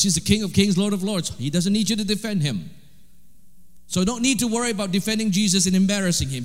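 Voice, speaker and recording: High-voiced preacher in a reverberant hall. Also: male voice. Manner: animated, swings between loud emphasis and quiet asides. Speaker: pastor. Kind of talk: sermon.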